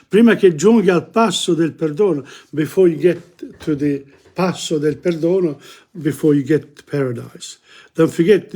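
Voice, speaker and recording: An older man, teaching in a loose, conversational way. His voice sits a little high for a man, and he stumbles and repeats words as he moves between recited verse and plain English explanation. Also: warm tone. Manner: halting, repeats words, mixes Italian quotes with English explanation. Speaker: teacher reading and explaining Dante. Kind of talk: informal lecture with readings in Italian.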